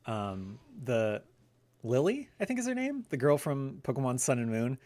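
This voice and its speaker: A man's voice: mid-range voice, huge pitch swings, normal speed, darkish tone. A man in his thirties hosting a livestream, rambling casually and answering viewers' questions. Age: 30s. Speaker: livestream host. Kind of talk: casual chat on a gaming livestream.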